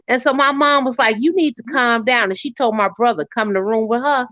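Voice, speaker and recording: A middle-aged woman tells a story in casual chat, her somewhat high voice leaping up whenever she quotes someone. The sound is dry and a little muffled, like lo-fi audio. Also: a little fast, hardly any pauses, dry recording. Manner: animated storyteller, pitch jumps when quoting people. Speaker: co-host.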